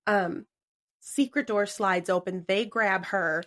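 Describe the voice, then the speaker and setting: Mid-pitched woman, podcast co-host, chatty storyteller, quick to laugh. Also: fairly bright tone. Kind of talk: casual chat.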